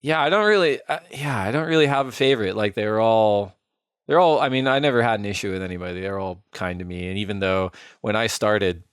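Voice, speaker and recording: A man's voice: lowish voice, fairly quick, clean tone, no room sound, clean studio sound. A man co-hosting a podcast, telling stories in a loose, rambling way full of fillers and "like". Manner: rambling, filler-heavy, frequent "like". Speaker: podcast co-host. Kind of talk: casual storytelling chat.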